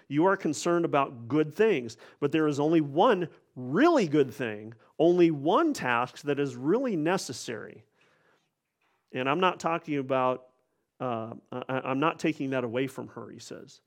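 A man's voice: fairly high pitch, lively intonation, measured pace. Earnest man preaching a sermon. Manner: earnest, with frequent restarts and repeated words.

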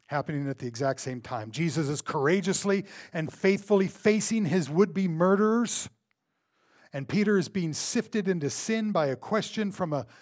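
Emphatic man preaching a sermon. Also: a little high. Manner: emphatic, repeats words for stress; dramatic swings between loud and hushed. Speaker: pastor.

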